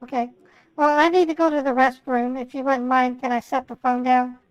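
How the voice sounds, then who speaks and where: A man's voice: very high voice, level tone, brisk, clean tone, dry recording, lo-fi sound, pitched above the performer's own voice. A man voicing a timid elderly woman who politely stalls and hesitates in a scam-bait phone role-play. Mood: polite stalling.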